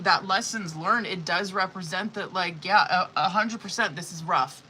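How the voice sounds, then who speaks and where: A woman's voice: on the low side, moderate pace, hardly any pauses, bright, forceful tone, slight background noise, poor audio. A woman running a live-streamed tarot reading in a casual, rambling way, with heavy swearing, many fillers and exasperated asides. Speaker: tarot reader.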